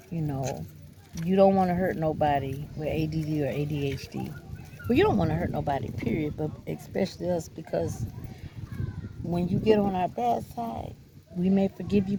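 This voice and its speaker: A woman's voice: low-pitched, gravelly, noisy background. A woman vlogger speaking in a casual, earnest, encouraging monologue, calling listeners baby and honey, with loose, repetitive phrasing and many fillers. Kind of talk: casual talking-to-camera monologue.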